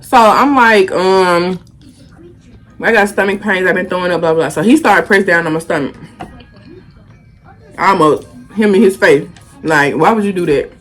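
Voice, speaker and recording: A young woman, telling a casual storytime and animatedly acting out the quotes. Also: medium pitch. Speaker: vlogger.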